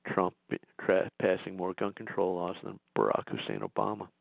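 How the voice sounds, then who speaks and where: A man hosting a political talk radio show, delivering indignant, sarcastic commentary with frequent restarts and a gravelly voice. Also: deep voice, sing-song, normal speed, no echo, narrow, tinny audio.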